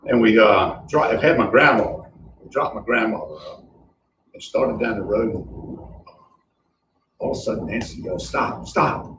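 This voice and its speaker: A man's voice: on the low side, moderate pace, pauses often. An older man sharing rambling, chuckling stories about a friend at a memorial gathering. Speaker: friend giving a memorial tribute. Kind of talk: informal memorial storytelling. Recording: distant, echoey hall with noise.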